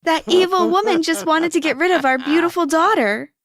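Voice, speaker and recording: A woman's voice: extremely high pitch, a little fast, a bit bright. A woman voicing a wealthy mother who talks in a sarcastic, biting way.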